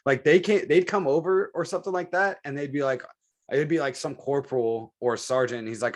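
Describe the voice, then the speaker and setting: A man's voice: fairly high pitch, fairly quick. A man co-hosting a podcast, telling military stories in casual profane chat and mimicking the people he quotes. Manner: profane, animated storytelling with mimicked voices. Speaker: podcast co-host.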